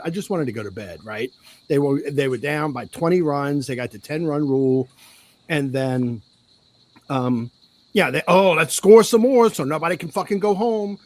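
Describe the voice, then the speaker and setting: A man co-hosting a sports podcast, delivering a heated, profane rant that swings from loud outbursts to low mutters.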